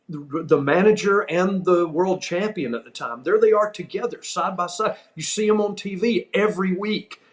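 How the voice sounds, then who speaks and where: A man, an older wrestling figure, telling a funny backstage story on his podcast, animated and laughing often. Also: sits high. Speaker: podcast host. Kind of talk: storytelling anecdote.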